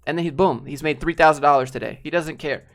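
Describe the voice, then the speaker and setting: A man's voice: on the high side, fairly even intonation, fast, fairly bright tone. A man talking casually and bluntly to his viewers, rambling with fillers and swearing now and then. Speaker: streamer talking to chat. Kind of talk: casual live-stream chat.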